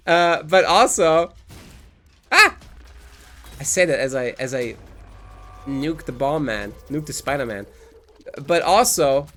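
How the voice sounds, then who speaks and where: A young man in his twenties streams a game and rambles in an incredulous, profane way. His voice is high and bright, with faint game music behind him. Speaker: live streamer. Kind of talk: casual game-stream commentary.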